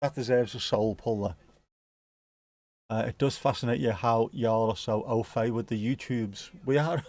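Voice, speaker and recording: A man's voice: medium pitch, moderate pace, a little mellow, no echo. Joking man on a dry mic. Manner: rambling, jokey, swears freely. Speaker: watch-along streamer. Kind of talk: casual live match commentary chat.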